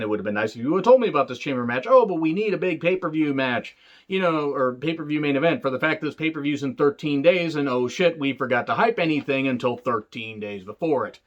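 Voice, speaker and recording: This man reviews wrestling shows with a sarcastic, joking, rambling style, full of swearing. His mid-range voice is a bit bright, and the recording has its highs cut off.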